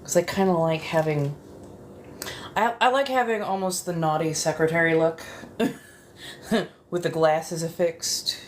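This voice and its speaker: A woman with a notably low voice talks in a soft-spoken ASMR manner. She rambles casually and chattily from one thought to the next. A faint hum of room ambience sits behind her. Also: measured pace, pauses often. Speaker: ASMR creator.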